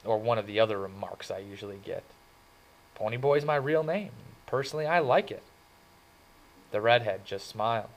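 A man's voice: lowish voice, animated, moderate pace, low-quality recording. A man reading a novel aloud in the first person, in an earnest, plain storytelling manner. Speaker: audiobook reader.

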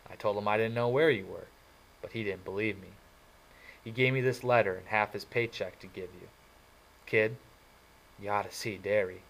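A man reading an audiobook and voicing a blunt, tough young male greaser with gruff, drawling talk. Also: lowish voice, normal speed, pauses often, a bit bright, low-quality recording. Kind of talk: audiobook character voice.

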